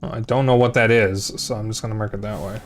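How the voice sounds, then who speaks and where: Yawning and drowsy, the same kind of gamer keeps up casual commentary on his stream, muttering and rambling while often starting over. Here his voice sounds lowish and steady, moving quickly, with faint music behind him.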